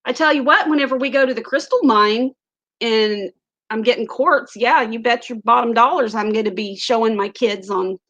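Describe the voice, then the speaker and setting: A woman's voice: a little high, moderate pace, fairly bright tone, dull audio. A chatty woman with an Ozarks accent who hosts a casual livestream, giggling often and reading viewer comments aloud into a webcam mic. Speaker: livestream host.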